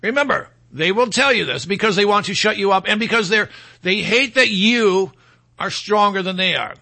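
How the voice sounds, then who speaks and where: A man's voice: high voice, moderate pace, vocal fry, sharp tone. A man hosting a talk show, delivering a combative opinion monologue in a mocking tone and mimicking his opponents in quoted voices. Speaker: radio talk show host.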